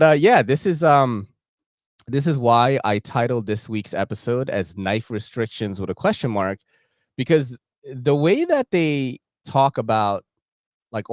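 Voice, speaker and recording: This is a laid-back man hosting his own show. He swears freely and chuckles as he talks, and his pitch rises and falls a lot. His voice sounds dry and close to the mic. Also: dry recording. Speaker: podcast host. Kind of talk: casual show chat.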